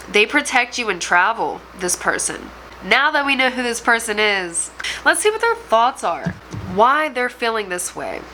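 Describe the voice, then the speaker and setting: A woman's voice: medium pitch, sharp tone, slight background noise, rough recording. A woman tarot reader addressing viewers directly, talking in an emotional, rambling way. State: choked up. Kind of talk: channeled tarot reading to camera.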